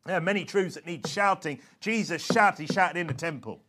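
A man preaches a sermon in a voice that sits high for a man. He moves between quiet asides and scripture shouted at full force. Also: brisk, a little hiss or hum. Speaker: pastor.

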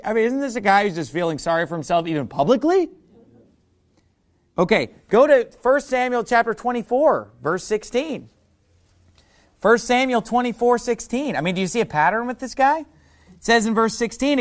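High-voiced man preaching a sermon. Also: very animated, normal speed. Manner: asks the audience rhetorical questions, reads scripture aloud. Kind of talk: sermon, Bible teaching.

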